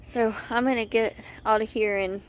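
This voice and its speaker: A woman's voice: a little high, steady tone, moderate pace, a little hiss or hum. A woman chatting casually through a garden vlog outdoors, a little out of breath, correcting herself as she goes. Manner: chatty, self-correcting, friendly. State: slightly out of breath. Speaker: gardening vlogger.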